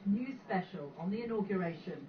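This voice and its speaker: A woman presenting a news special in a measured, formal broadcast style. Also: mid-range voice, animated, far from the mic. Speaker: news anchor. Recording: TV audio played in an echoey room, heard from afar, dull and noisy.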